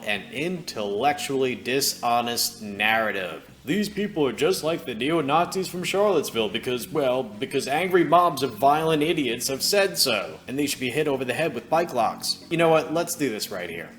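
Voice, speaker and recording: A man's voice: mid-range voice, fairly bright tone. Sarcastic male commentary host. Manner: sarcastic, scornful.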